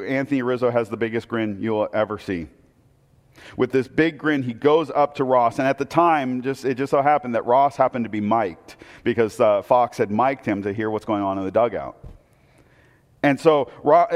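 Preacher man in a reverberant hall. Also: mid-range voice. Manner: storytelling, swings from loud excitement to hushed intensity. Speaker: pastor. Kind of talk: sermon.

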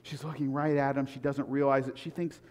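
A man preaching a sermon in a lively, conversational way. He swings between loud, emphatic peaks and hushed, low asides, and often repeats words. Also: fairly quick. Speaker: pastor. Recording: long hall reverb.

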